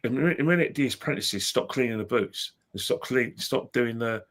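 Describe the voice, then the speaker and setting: A man's voice: mid-range voice, a little fast, a bit bright. A man co-hosting a casual chat, telling football stories in a matter-of-fact way. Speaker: show co-host.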